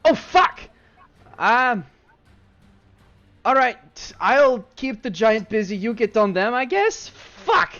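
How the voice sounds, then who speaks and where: Brief: man doing a rattled adventurer woman, high and yelling. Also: sing-song, takes it slowly, long pauses, dull audio, soft background music, exaggerated voice. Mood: panicked. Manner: panicked, swearing. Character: frantic female adventurer in a fight.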